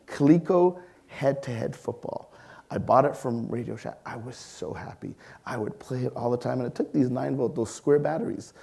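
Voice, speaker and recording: A man in his forties giving a public science lecture, telling lively personal stories and asking the audience questions. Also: medium pitch, moderate pace, creaky, breathy edge. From Canada. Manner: lively storyteller, acts out voices, engages audience with questions. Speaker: science museum leader giving a public talk.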